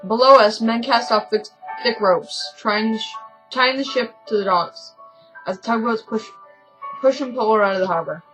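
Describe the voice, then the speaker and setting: A woman's voice: on the high side, moderate pace, fairly bright tone, faint music behind, poor audio. A woman reading a story game aloud in a casual let's-play, often stumbling and correcting herself, with chatty asides.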